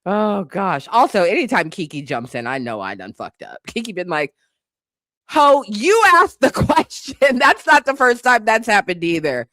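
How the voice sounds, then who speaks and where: A woman hosting a live stream in casual chat, laughing often and breaking into loud exclamations. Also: fairly low pitch, very animated, moderate pace, hardly any pauses, dry recording, clean studio sound. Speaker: livestream host.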